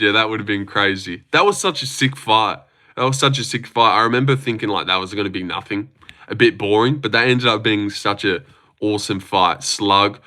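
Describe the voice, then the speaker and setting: A man's voice: fairly low pitch, normal speed, sharp tone. A man chatting casually on a livestream, rambling, swearing freely and reading out chat messages. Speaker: livestream host.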